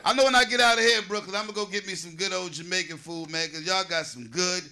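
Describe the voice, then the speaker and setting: A man's voice: high voice, quick pace, sharp tone. A man in his forties from New Jersey doing a loose, conversational stand-up set, riffing with the audience on a comedy stage. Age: 40s.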